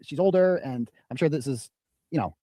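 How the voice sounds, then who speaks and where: A man's voice: on the high side, animated, normal speed, warm tone, dry recording. A man hosting a commentary show, talking in an indignant way. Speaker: host. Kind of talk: commentary reading messages.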